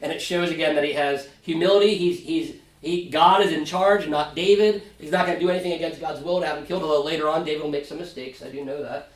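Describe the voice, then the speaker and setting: A man's voice: fairly high pitch, fairly even intonation, fast, few pauses. A man, a pastor, leading a casual Sunday school Bible study, talking conversationally and often checking in with his class. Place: church classroom. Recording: roomy, from far off mic.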